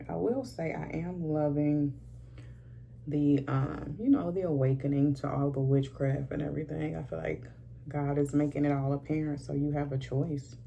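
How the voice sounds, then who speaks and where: A beauty vlogger in her thirties chats sassily while doing her makeup, calling viewers "honey" constantly. Her low, creaky voice has a warm tone, with a little hiss or hum in the background.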